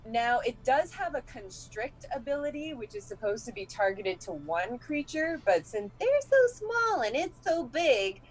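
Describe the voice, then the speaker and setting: A woman's voice: on the high side, very animated, moderate pace, few pauses. Chatty woman player who laughs a lot. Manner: chatty, laughs often, thinks aloud. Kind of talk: casual tabletop game chat.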